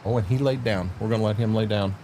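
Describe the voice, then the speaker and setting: A man livestreams a farming game, chatting casually and rambling in a folksy way to his viewers and his dog. He talks fast in a lowish, dark-toned voice, with a little hiss or hum in the audio.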